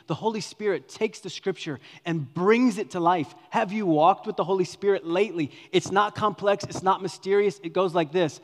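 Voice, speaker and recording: A man's voice: high-pitched, normal speed, few pauses. Dynamic male pastor in a reverberant hall. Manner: dynamic preaching, swinging from loud emphasis to hushed near-whispers. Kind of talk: sermon. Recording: long reverb of a large hall.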